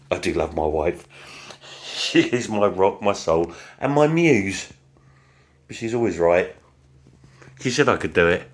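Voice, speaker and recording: Low-pitched male vlogger, casual DIY talk, self-mocking and theatrical. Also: big pitch swings, slow, long pauses. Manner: chatty, self-mocking, playfully melodramatic. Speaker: vlogger doing home repairs.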